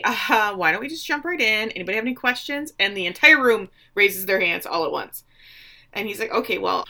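Bright-voiced woman recapping a show. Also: mid-range voice, gravelly. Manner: animated, acts out quotes in playful voices. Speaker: podcast co-host recapping a show. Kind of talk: casual chat recap.

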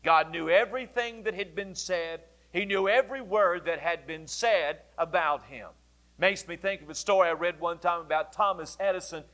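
Man, pastor, sermon, higher-pitched voice, deliberate, repeats key phrases. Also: a bit bright.

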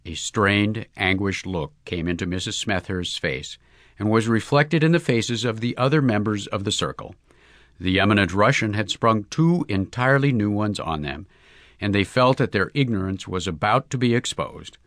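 A man narrating a humorous short story in a lively, character-driven reading. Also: lowish voice, normal speed, no room sound, clean studio sound.

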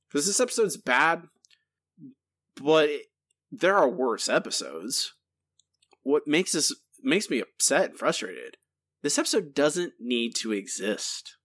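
A man co-hosting a podcast, ranting in an exasperated, animated way in casual chat. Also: fairly high pitch. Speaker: podcast co-host.

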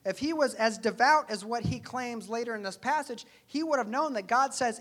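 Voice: mid-range voice, animated, normal speed, hardly any pauses, a bit bright. Earnest conversational preacher. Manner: conversational, earnest, asks rhetorical questions. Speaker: pastor. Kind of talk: sermon.

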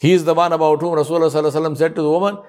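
A man preaching a sermon as a storyteller. He asks rhetorical questions, weaves in Arabic honorifics, and drops soft and low on them. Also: level tone, rapid-fire.

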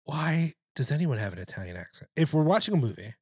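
A man co-hosting a casual film chat, opinionated and profane, talking in an animated way. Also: a little high, fast talker, slightly rough, no echo, clean studio sound.

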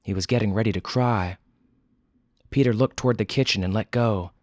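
A man's voice: fairly low pitch, a little fast, a little mellow, dry recording, studio quality. A man hosting a fiction podcast who reads a dramatic story aloud expressively, then adds wry casual asides. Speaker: podcast host and story narrator.

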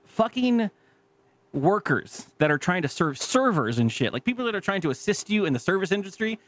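A man co-hosting a podcast, telling stories in casual chat with lots of swearing and a self-deprecating, animated manner. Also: sits high, brisk. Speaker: podcast co-host.

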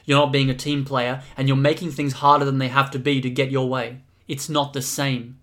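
A man's voice: mid-range voice, level tone, moderate pace, a bit bright, natural voice. A man reading aloud and voicing a cocky, hostile young man in a storybook reading. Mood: defiant.

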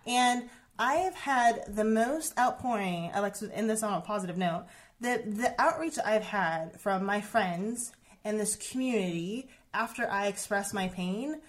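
A woman in her thirties tells a personal story in a relaxed conversation. She speaks earnestly and often restarts, leaning on "like" and "um". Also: mid-range voice, a little slow. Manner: earnest, heavy use of "like" and "um", many restarts. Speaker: guest sharing a personal story.

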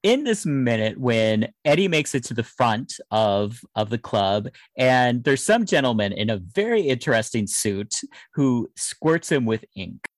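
A man co-hosting a casual podcast chat, lively and amused. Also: medium pitch, a little slow, few pauses.

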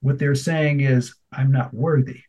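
A middle-aged man co-hosting a radio talk show, chatting and telling animated stories, sometimes slipping into a grandfatherly voice. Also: medium pitch, measured pace, husky, poor audio. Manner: animated storyteller, slips into a warm grandfatherly voice. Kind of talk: casual chat.

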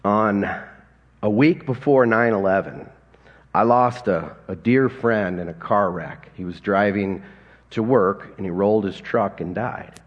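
Male pastor, 40s, husky voice, folksy storytelling sermon, big reverberant hall. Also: lowish voice, a little slow, lo-fi sound. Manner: conversational, folksy storytelling with chuckles.

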